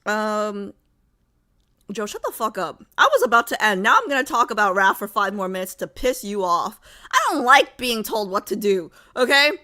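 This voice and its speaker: A woman's voice: medium pitch, sing-song, moderate pace, sharp tone. A young woman hosting a livestream, chatting casually with viewers in a rambling, filler-heavy way. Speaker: livestream host. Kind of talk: casual chat with live viewers.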